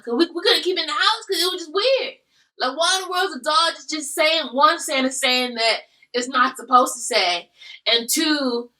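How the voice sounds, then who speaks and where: A woman's voice: high-pitched, sharp tone, distant mic, low-quality recording. A woman hosting a casual eating video, animatedly telling a story. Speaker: host.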